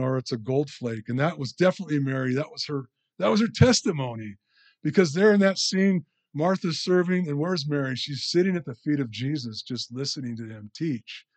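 A man preaching a conversational sermon, often checking in with the listeners with "you know" and "right?". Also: mid-range voice.

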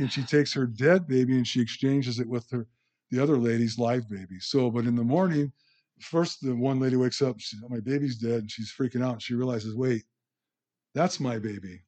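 Conversational male pastor. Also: mid-range voice. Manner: conversational, asks the audience questions. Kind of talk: teaching sermon.

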